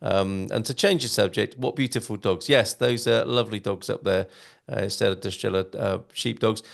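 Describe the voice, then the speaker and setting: A man's voice: on the low side, gravelly. A male live-stream host reading out viewer comments in a chatty, jokey way, with many fillers and hesitations.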